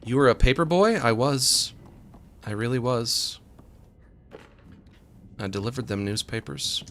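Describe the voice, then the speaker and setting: A man's voice: medium pitch, measured pace, pauses often, a bit bright. A man streaming a co-op game, joking and chatting casually with his partner as he plays. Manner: joking, talks to his co-op partner while playing. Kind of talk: casual let's-play chatter.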